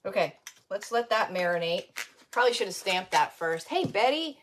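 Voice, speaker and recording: A woman's voice: on the low side, moderate pace, fairly bright tone, slight background noise. A woman hosting a casual crafting livestream, rambling and greeting viewers by name.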